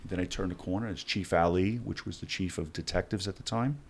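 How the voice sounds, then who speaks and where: A man's voice: low voice, a little fast, a little hiss or hum. A middle-aged man, telling stories in a podcast interview and acting out the dialogue as he goes. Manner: animated storyteller acting out dialogue. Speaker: guest, former hostage negotiator.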